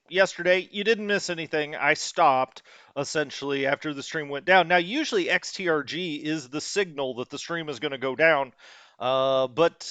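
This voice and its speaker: A man's voice: fairly high pitch, pushed and bright, clean tone, no room sound. A man hosting a strategy game stream, casually thinking aloud and correcting himself as he plans his moves. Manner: musing and thinking aloud, with many fillers and self-corrections. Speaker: host.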